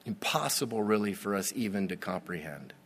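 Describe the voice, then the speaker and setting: A man preaching a sermon, slow and emphatic, with dramatic pauses and sudden swells in volume. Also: fairly low pitch, lively intonation, fairly bright tone, husky. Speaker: pastor.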